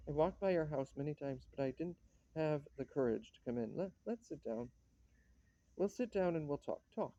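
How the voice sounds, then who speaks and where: A man's voice: a little high, expressive, normal speed, dark tone, no room sound, dull audio. A man reading a play, voicing a lovesick young writer who stammers and pleads. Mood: yearning. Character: lovesick young male writer, anguished and bitter.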